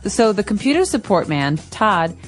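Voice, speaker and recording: A woman co-hosting an English lesson podcast, giving clear, patient explanations with examples. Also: medium pitch, very animated, moderate pace, soft background music. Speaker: podcast co-host, English teacher.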